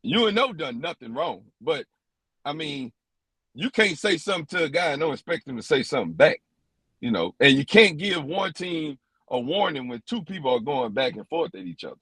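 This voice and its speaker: A man's voice: fairly high pitch, a bit bright, dry recording. A man, an umpire, recounting a tense game in a podcast interview, quoting exchanges word for word.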